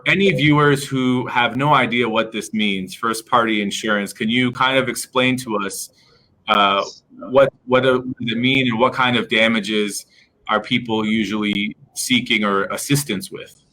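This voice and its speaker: A man's voice: medium pitch, fairly even intonation, moderate pace, pushed and bright, rough recording. A man hosting an interview, asking long rambling questions with fillers. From Palestinian background. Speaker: host, interviewer. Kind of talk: casual interview talk.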